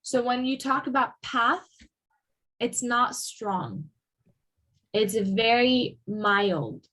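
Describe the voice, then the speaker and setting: A woman teaches English pronunciation at an unhurried pace. Her voice is a little husky and sits slightly high. She is patient and repeats each sound for her students. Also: fairly bright tone, rough recording. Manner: patient, slow and repetitive, modeling sounds for students. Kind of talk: online class lesson.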